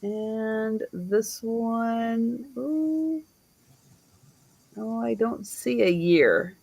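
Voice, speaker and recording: Woman, live sale host, very slow delivery, gravelly, slightly high voice. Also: a little mellow. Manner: slow, admiring, auctioneer-style counting. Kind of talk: live online sale chat.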